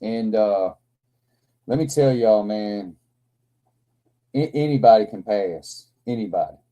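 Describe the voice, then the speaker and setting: A man in his forties hosts a casual livestream chat with a very deep, dark tone. He rambles through loose stories full of swearing, restarts and frequent laughter. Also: slow, low-quality recording. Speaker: livestream host.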